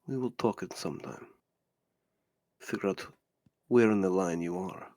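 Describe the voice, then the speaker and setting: A man playing a hushed, menacing lord. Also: low-pitched, no room sound, voice pushed down, exaggerated voice. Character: menacing imperious male lord, cold and threatening.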